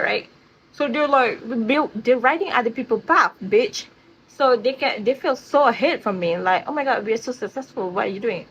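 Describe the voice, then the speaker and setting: A woman's voice: medium pitch, a bit bright. A woman vlogger ranting casually to camera, blunt and profane, often checking in with "right?". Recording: slightly muffled audio with faint hiss.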